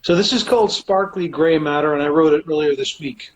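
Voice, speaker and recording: A man with a voice a touch higher than usual talks over a video call with a faint hiss behind it. He teases his co-host and reassures her. He reads his own verse slowly and deliberately. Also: low-quality recording. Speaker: co-host and poet on a livestream. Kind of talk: casual livestream chat and poetry reading.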